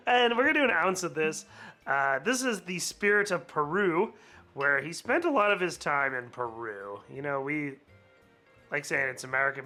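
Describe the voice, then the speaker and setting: Slightly hungover, a cocktail channel host talks in a voice on the high side that comes across pushed and bright. His casual vlog is chatty, with frequent laughs and rambling side comments.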